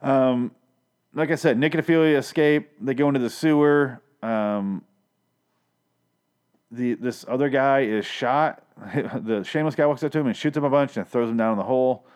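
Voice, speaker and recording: A man's voice: medium pitch, moderate pace, darkish tone, clear, resonant tone. A man casually recapping a TV episode at home, rambling and swearing freely with audible pops on his microphone. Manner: profane, rambling, self-deprecating. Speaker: podcast host recapping a TV show. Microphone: home microphone with audible plosives.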